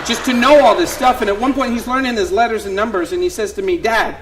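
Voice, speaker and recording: Animated man doing stand-up storytelling. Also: sits high, fast talker, a little hiss or hum. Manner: animated, acts out voices of family members. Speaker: comedian in a one-man stage show. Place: theater stage before a live audience.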